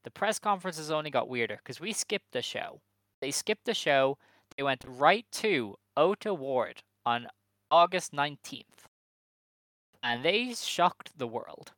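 A man's voice: fairly high pitch, animated, measured pace, fairly bright tone, no room sound, rough recording. A man co-hosting a podcast, recapping in a wry, rambling chat full of fillers. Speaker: podcast co-host.

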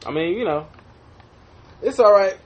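Animated, profane podcast co-host man. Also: sits high, measured pace, dull audio, a loud crowd. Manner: animated, profane, laughs often, acts out quotes. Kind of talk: casual banter.

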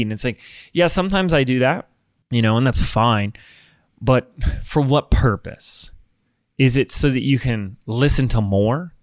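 A man hosting his own podcast, talking alone in an upbeat, chatty, animated way close to the microphone. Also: mid-range voice, normal speed, no echo. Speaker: podcast host. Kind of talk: casual solo podcast monologue.

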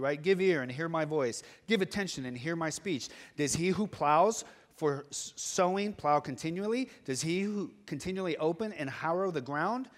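A male pastor preaching a sermon, earnest and building to urgent exhortation. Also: a little high. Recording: long hall reverb.

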